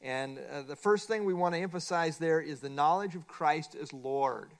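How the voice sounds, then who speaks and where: A middle-aged man leads a Bible study lesson, walking his class through a workbook page by page. His voice sits a little high for a man, and he presses hard on his main points, saying them again and again. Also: moderate pace, vocal fry. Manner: emphatic, repeats key points. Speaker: Bible teacher.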